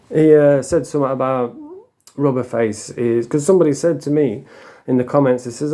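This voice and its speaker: A man's voice: medium pitch, a little fast, warm tone. A man ranting in a crude, mocking vlog, laughing at his own jokes. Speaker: online commentator.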